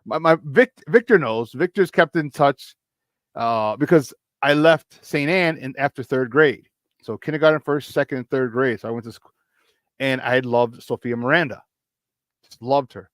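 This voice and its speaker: A man's voice: medium pitch, moderate pace, a bit bright, no room sound. Chatty upbeat man hosting sports talk. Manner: upbeat, chatty, repeats words, laughs often. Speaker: sports talk show host. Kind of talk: casual morning sports talk.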